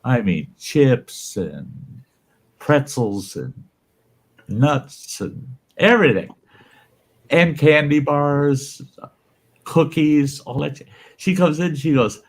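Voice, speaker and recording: A man casually telling a salty, folksy story, voicing the people in it with lively shifts. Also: fairly high pitch, slow pace, long pauses. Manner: folksy, salty, animated when quoting others. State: undergoing cancer treatment. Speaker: channel host telling stories.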